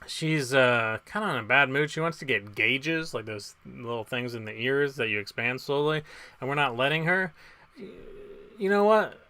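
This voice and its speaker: Man, trivia host, bright dry delivery, rambling and jokey between questions, webcam at home. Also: medium pitch, moderate pace, dry recording. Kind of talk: casual live trivia hosting.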